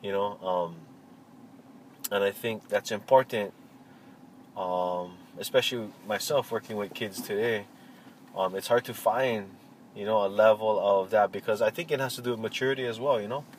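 A man answering interview questions in a relaxed, reflective way, pausing often with fillers and restarts. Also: on the low side, rough recording. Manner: halting, many fillers and restarts. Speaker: interviewee, cultural practitioner. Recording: faint vehicle noise behind.

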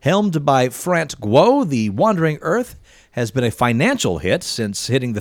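A man's voice: mid-range voice, sing-song, unhurried, no room sound, clean studio sound. A man co-hosting a casual podcast, chatting loosely and reading news items. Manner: chatty, laughs between lines, swears casually.

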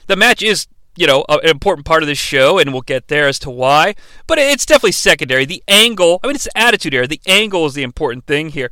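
This is a man casually recapping a show, chatty and irreverent, with the odd curse. His voice is high, bright and smooth. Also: dry recording. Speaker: podcast host.

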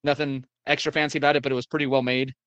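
A man's voice: medium pitch, level tone, rapid-fire, a bit bright, dry recording, muffled recording. A man telling a long story in casual chat, rambling with many fillers and restarts and the odd swear word.

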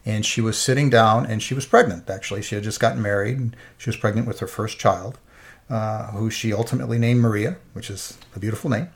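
A man's voice: on the low side, fairly even intonation, fast talker. A middle-aged man, an interview guest, giving an earnest and emotional personal faith testimony.

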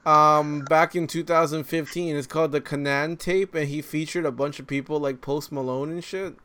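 A man's voice: on the high side, normal speed. A young man chatting casually with friends, rambling a little and swearing offhand. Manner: relaxed, rambling, profane. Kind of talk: casual chat.

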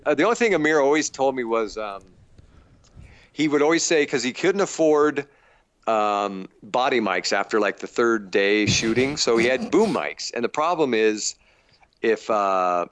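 A man's voice: medium pitch, measured pace, no room sound. Brief: middle-aged man, candid self-mocking actor, close dry recording. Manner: self-deprecating, animated when quoting others. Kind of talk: casual interview talk.

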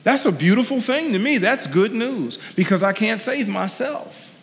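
A man with a fairly high, gravelly voice preaches a sermon as a guest speaker. He is earnest and conversational, drives his points home by repeating them, and drifts into personal asides. His voice rings with the long reverb of a large church hall. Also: expressive, moderate pace, slight background noise. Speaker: guest preacher, sports team chaplain.

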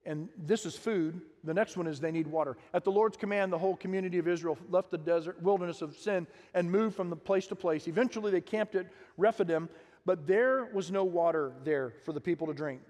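Man, pastor, sermon, high-pitched, animated, acts out quotes, long hall reverb. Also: fairly quick. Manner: animated, acting out quotes and asking the congregation questions.

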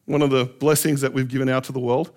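A middle-aged man telling lively anecdotes in a relaxed storytelling talk, often laughing as he goes. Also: mid-range voice, fast. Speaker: speaker.

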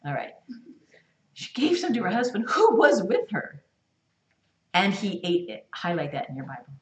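A woman teaching a Bible study, reading verses aloud and acting out lines with lively, expressive delivery. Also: lowish voice, slight background noise. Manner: animated, acts out voices while reading scripture. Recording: echoey room, voice from a distance.

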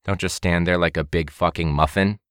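A man putting on the voice of a hot-tempered celebrity chef, loud and insulting, in a deliberately poor impression. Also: sits low, fairly even intonation, clear, resonant tone, no echo, clean studio sound. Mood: yelling.

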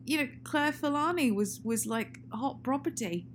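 A woman's voice: high-pitched, lively intonation, moderate pace. A woman co-hosting a casual film chat, rambling and laughing often. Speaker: podcast co-host. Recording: faint hum and noise.

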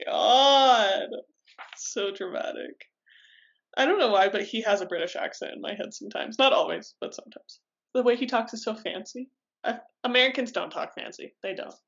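A woman's voice: fairly high pitch, a little fast, fairly bright tone, highs cut off. A woman co-hosting a podcast who leads a casual book discussion with wry remarks and questions. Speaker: podcast co-host.

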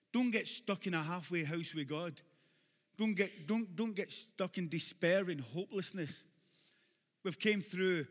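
A man with a Glaswegian accent preaching a sermon to a congregation, with humorous asides that build to shouted exhortation. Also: high voice, long reverb tail. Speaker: pastor.

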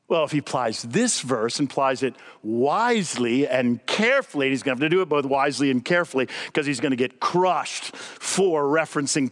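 As a guest speaker, an older man gives an animated, conversational sermon, restating points to make them stick. His voice is fairly high.

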